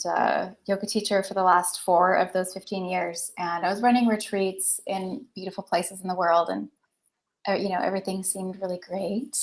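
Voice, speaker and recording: A woman who works as a somatic breathwork coach, speaking as a podcast guest and telling her personal story in a chatty, earnest way with many fillers. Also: mid-range voice. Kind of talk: candid personal storytelling in an interview.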